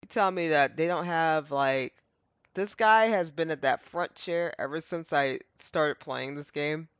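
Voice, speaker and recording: A man's voice: fairly high pitch, unhurried, fairly bright tone, smooth, no echo. A man streaming a game, chatting casually with joking asides. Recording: dull lo-fi stream mic. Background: game music.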